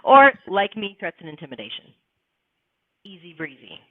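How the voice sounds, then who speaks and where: A woman's voice: medium pitch, very animated, moderate pace, no room sound. A woman hosts a casual live stream, blunt and emphatic, swearing freely as she makes her points. Her voice comes through thin and phone-like. The sound is dry, with no room around it. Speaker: livestream host.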